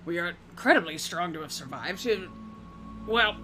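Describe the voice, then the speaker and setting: Femme jouant une vieille cheffe orque lasse. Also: female voice, lowish voice, animated, moderate pace, sharp tone, soft background music. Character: older scarred orc woman, weary healer leader.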